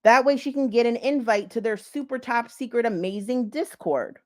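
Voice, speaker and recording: A woman's voice: fairly high pitch, moderate pace, a little mellow. A woman vlogger giving blunt, profane commentary and talking straight to her viewers. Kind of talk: casual drama commentary.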